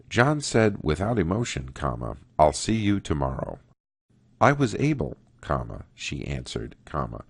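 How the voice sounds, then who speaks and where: A man teaching a writing workshop, reading example sentences aloud in a slow, deliberate way. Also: extremely low pitch, no echo. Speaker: writing instructor. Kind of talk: recorded grammar lesson.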